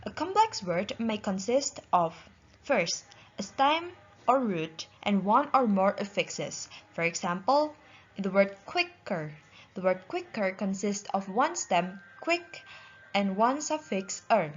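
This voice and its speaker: Young woman, Indonesian accent, careful student presenter, muffled low-fi sound. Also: big pitch swings, a little slow, breathy edge. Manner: careful, spells out word parts. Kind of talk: reading a class presentation.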